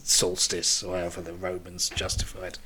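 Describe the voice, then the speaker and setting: Sardonic, low-voiced man riffing on puns. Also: monotone, moderate pace, crowd noise. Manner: dry, sardonic, swears, makes wordplay jokes. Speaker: podcast co-host. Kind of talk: casual film-discussion chat.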